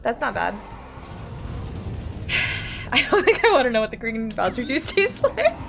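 An Australian woman streams a platform game, her lively voice swooping up into yelps and laughter. She talks slowly and sits a bit high in pitch, with game music playing behind her. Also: creaky. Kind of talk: live game-stream chat.

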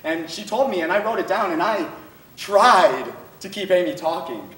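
A teenage boy performing a dramatic monologue for a speech competition, intense, swinging between loud outbursts and hushed lines. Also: high voice, expressive, normal speed. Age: teens. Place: school performance room. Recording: echoey room, mic far off.

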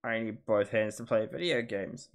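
Low-voiced man chatting casually. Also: moderate pace. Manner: thinks aloud, chatty and hesitant. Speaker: gaming YouTuber. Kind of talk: casual commentary while playing a quiz.

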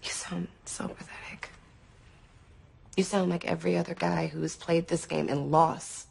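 Worried girlfriend, creaky voice, soft then blunt, movie. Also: fairly low pitch, level tone, normal speed, full character voice. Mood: reproachful. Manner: soft and earnest, sharpening into blunt reproach. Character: worried young woman confronting her lover. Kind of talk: film drama acting.

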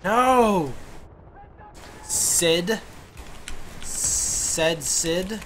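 A man giving casual commentary on his own gameplay, excitable, swearing and breaking into sudden yelps and groans. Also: high voice, extremely slow, a little hiss or hum.

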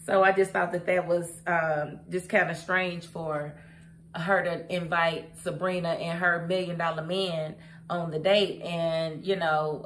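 A woman's voice: on the low side, slight background noise. A young adult woman reviewing a TV episode in a casual, sassy way, often talking straight to the characters. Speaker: TV show reviewer. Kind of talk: casual recap and commentary.

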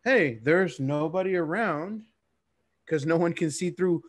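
A man's voice: a little high, unhurried. A man co-hosting a podcast, telling a boastful story in a joking, casual way. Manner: boastful, joking, drops into mimicked voices. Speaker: podcast co-host. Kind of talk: casual storytelling among friends.

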